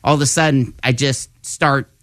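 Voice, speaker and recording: A man, a comedian on a talk show, spins a personal story in a relaxed, chatty way. His voice sits in a middle register and is miked close and dry. He slips into other people's voices for quotes and laughs along. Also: medium pitch, normal speed, dry recording. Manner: animated storyteller acting out quotes, laughs often. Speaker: guest comedian.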